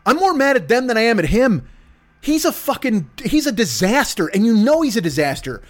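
Hosting a podcast, a man launches into a foul-mouthed comedic rant packed with swearing and mock voices. His pitch is extremely high with big swings, and he talks a little fast.

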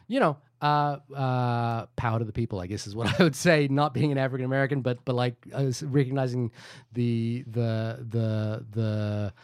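A man's voice: medium pitch, steady tone, moderate pace, dry recording, clean studio sound. A man co-hosting a film podcast, talking casually and thinking aloud in a rambling, jokey way. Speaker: podcast co-host.

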